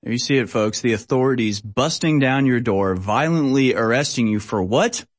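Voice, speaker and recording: A man's voice: mid-range voice, moderate pace. A male host giving political commentary over a video clip, emphatic and preachy, repeating phrases for effect.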